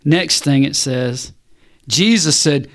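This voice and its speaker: A man preaching a sermon, animated and punchy, firing rhetorical questions and calls back to the congregation. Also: fairly high pitch, slow pace.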